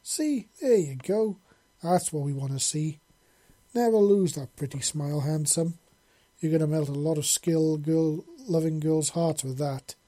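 Man doing warm effusive young woman. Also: a little slow. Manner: effusive, raised pitch. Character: warm emotional young human woman, affectionate.

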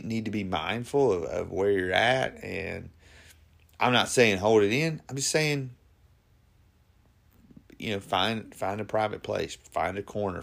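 A man's voice: deep voice, gravelly. A man hosting a faith-based talk on grief, speaking earnestly and conversationally, often restarting his sentences. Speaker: podcast host.

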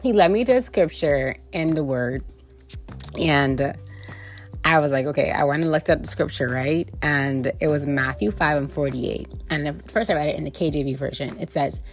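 A woman hosting a faith podcast, chatting lively and directly to her listeners like family. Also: sits low, normal speed, faint music behind. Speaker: podcast host.

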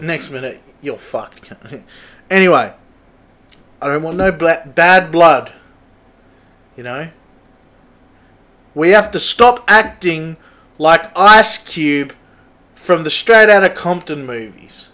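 A man's voice: on the high side, slow pace, pauses often, bright, forceful tone. A young man, ranting casually and profanely as a podcast host, rambling with many restarts. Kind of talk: casual rant.

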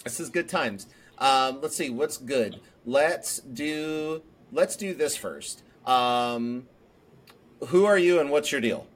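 A man's voice: mid-range voice, expressive, slow pace, a little hiss or hum. A man hosting a casual podcast chat, laughing often and mimicking voices in jest, with some swearing. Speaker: podcast host.

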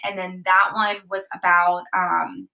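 A woman's voice: fairly low pitch, little pitch movement, measured pace, vocal fry, sharp tone, low-quality recording. A young woman chatting casually, rambling with lots of fillers as she recounts a tarot reading. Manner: rambling, heavy use of "like" and "um". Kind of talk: casual chat.

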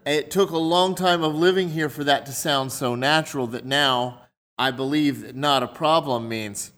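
A man's voice: on the high side, fairly even intonation, moderate pace, fairly bright tone. A man preaching a sermon in a conversational way, explaining his points through everyday examples.

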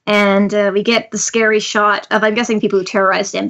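A woman's voice: mid-range voice, little pitch movement, normal speed, a bit bright. A woman hosting a podcast, chatting casually as she recaps a manga chapter. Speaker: podcast host. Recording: slightly muffled podcast audio.

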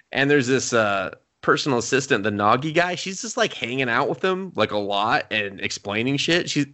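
A man's voice: mid-range voice, lively intonation, normal speed, bright, forceful tone. A young man on a podcast, recapping an anime in casual, profane chat and acting out the characters' lines. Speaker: podcast co-host.

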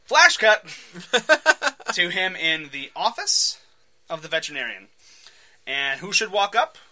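Male podcast host, lively storyteller, very bright tone. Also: high voice, slow pace. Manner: animated, acts out voices, laughs often. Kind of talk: casual podcast chat, retelling a comic.

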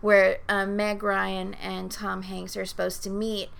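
A woman's voice: mid-range voice, completely flat delivery, measured pace, creaky, clear, resonant tone. A woman co-hosting a casual movie chat, thoughtful and teasing. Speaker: podcast co-host.

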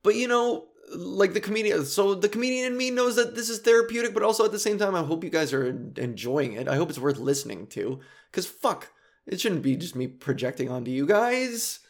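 A man's voice: high-pitched, expressive, fairly quick. Rambling self-deprecating man in his thirties. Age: 30s. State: emotional, recently cried. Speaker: comedy podcast host. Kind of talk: confessional solo podcast monologue.

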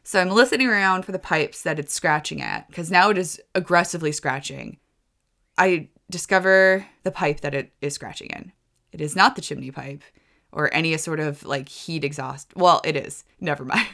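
A woman with a low-pitched voice tells a story on her own podcast. Her delivery is rambling and a little chaotic, with stumbles and restarts, and she leaps up in pitch whenever she acts out what she said. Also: moderate pace, vocal fry, fairly bright tone. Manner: swoops high for quoted exclamations. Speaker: podcast host. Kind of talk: casual storytelling.

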